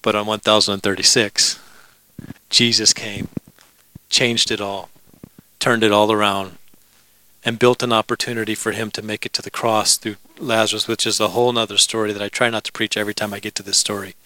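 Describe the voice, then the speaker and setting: A man's voice: fairly low pitch, little pitch movement, brisk, sharp tone, slight background noise, poor audio. A man preaching a sermon in a conversational way, with jokes and asides to the congregation. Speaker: pastor.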